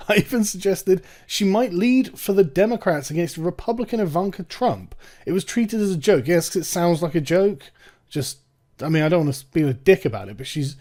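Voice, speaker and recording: A man's voice: a little high, darkish tone. Sarcastic young English man with a raised voice. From England. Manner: sarcastic, swearing, breaks into mocking put-on voices and laughs. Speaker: commentary channel host. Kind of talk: casual commentary reacting to a read article.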